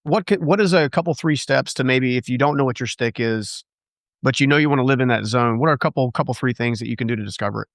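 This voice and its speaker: A man's voice: mid-range voice, quick pace, no room sound, clean studio sound. A man hosting a casual interview, speaking in a friendly, brotherly way. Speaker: host.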